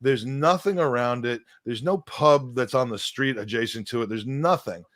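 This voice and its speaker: A man's mid-range, slightly bright voice moves at a moderate pace in a clean studio recording with no room sound. As a podcast co-host he chats casually, rambling and filling gaps with fillers and frequent restarts.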